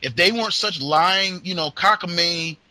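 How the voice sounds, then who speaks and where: A man with a very bright, slightly high voice chats loosely on a gaming podcast. He talks excitedly, stumbling and restarting his sentences. The sound is dry and close. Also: moderate pace, no room sound, low-quality recording. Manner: excitable, stammering restarts, laughs often. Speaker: podcast co-host. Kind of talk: casual gaming podcast chat.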